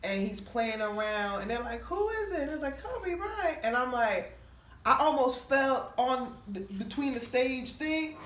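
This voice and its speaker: A woman's voice: a little high, a little slow. A woman comedian telling a long, profane story on a podcast, acting out the people in it. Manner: animated, profane storytelling with quoted voices. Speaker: comedian guest. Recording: roomy, distant mic with faint noise.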